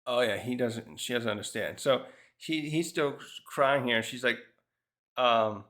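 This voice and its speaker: A man casually reviewing a manga chapter, thinking out loud and often restarting his sentences. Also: mid-range voice, measured pace.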